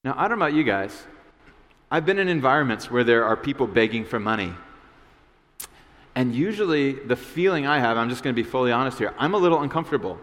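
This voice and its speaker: A man's voice: mid-range voice, expressive, fast, a bit bright. Man preaching casually in a reverberant hall. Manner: conversational, many restarts and fillers, acts out voices. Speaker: pastor. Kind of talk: casual sermon.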